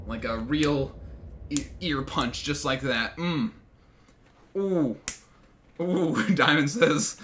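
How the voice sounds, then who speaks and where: Bright-voiced excitable male streamer. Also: mid-range voice, moderate pace. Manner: excitable, swearing, bursting into laughter. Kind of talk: let's-play stream, reading game text aloud.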